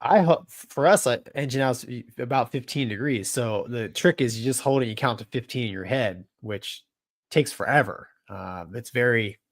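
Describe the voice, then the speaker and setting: A relaxed, joking male co-host with a middle-pitched voice, recorded dry and close. He chats casually about flying and breaks into easy laughter. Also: normal speed, no room sound. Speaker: co-host, former fighter and airline pilot. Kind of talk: casual aviation chat.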